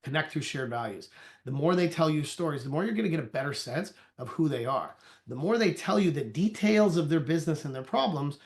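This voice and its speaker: A man, a sales consultant, giving an energetic training talk, loosely conversational and acting out little dialogues as he goes. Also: a little high, a little fast. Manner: acts out conversations in quoted voices; loose and conversational, many restarts.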